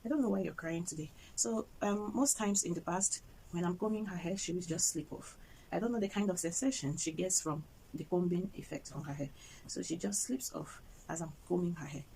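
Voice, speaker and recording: A young woman from Nigeria with a Nigerian accent, a mother chatting softly and gently about her baby-care routine in a home vlog. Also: fairly low pitch, brisk, gravelly, a little hiss or hum, rough recording. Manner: soft, gentle and chatty, talking to baby and viewers in turn. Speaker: mother and vlogger.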